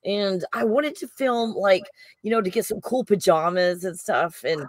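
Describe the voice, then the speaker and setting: A woman interviewer chatting casually, bubbly and quick to giggle. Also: mid-range voice, no echo.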